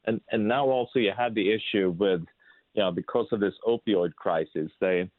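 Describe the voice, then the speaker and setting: Halting lower-voiced man on a phone-like line. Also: dry recording. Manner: halting, full of restarts and fillers. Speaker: interview host. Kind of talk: interview conversation. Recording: dry, phone-like narrow sound.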